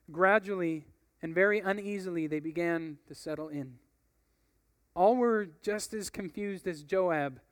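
A man's voice: sits high, fairly bright tone, clear, resonant tone, no echo, clean studio sound. A young man preaching in a casual, conversational way, telling a story and reading from a book. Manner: casual, conversational, uses fillers like "like" and "you know".

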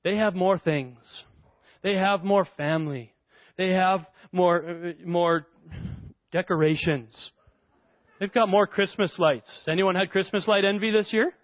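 A male pastor preaching a sermon, telling stories in an animated way and laughing often. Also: sits high, measured pace, dry recording. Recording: dull lo-fi dry sound.

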